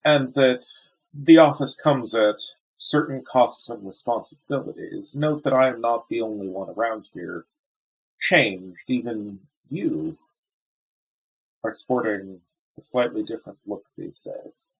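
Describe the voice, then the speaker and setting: A man's voice: medium pitch, unhurried, slightly rough, low-quality recording. A man playing a tabletop game, blunt and sweary. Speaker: player.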